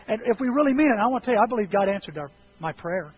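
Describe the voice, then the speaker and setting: Man, pastor, sermon, high-pitched, fiery shouting bursts, faint hiss. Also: animated, very fast, few pauses. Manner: swings from quiet talk to impassioned shouting; acts out prayers and dialogue. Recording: dull lo-fi with faint noise.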